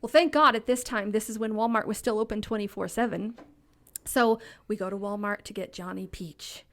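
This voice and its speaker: A middle-aged woman telling stories as a podcast guest in a casual, lively, blunt way, swearing freely and often laughing. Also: medium pitch, normal speed. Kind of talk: casual storytelling.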